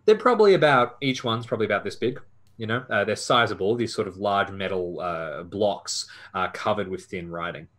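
A man's voice: fairly low pitch, lively intonation, a little fast, a bit bright. A man narrating a tabletop horror game as game master, often hesitant and full of fillers.

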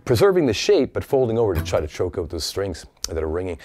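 A man teaching a guitar lesson in a relaxed, encouraging way, counting and scatting strum rhythms aloud while he plays. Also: low-pitched, fast. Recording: loud guitar playing under the voice. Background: acoustic guitar strumming.

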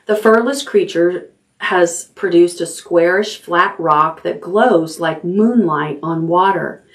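A woman librarian reading a chapter book aloud at bedtime, unhurried and expressive. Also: on the low side, far from the mic.

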